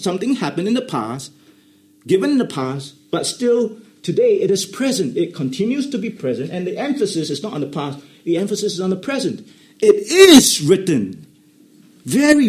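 A man with a fairly high-pitched voice preaches a sermon, emphatically repeating key phrases. He explains Greek grammar in a teaching tone and drops into quiet asides.

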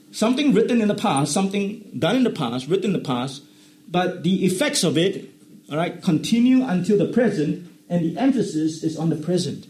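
A man preaching a sermon, emphatically repeating key phrases, explaining Greek grammar in a teaching tone, and dropping into quiet asides. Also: sits high.

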